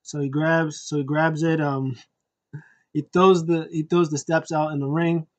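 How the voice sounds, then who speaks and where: A man hosting a wrestling review, retelling a match in an excited, rambling play-by-play way. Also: a little high, a little slow, muffled recording. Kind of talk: casual wrestling recap.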